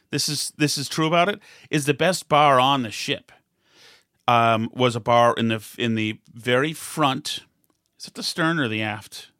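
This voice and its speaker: A man's voice: medium pitch, sharp tone, no echo, clean studio sound. A middle-aged American man telling stories in a rambling, casual way, full of fillers and restarts. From United States. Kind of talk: casual conversational storytelling.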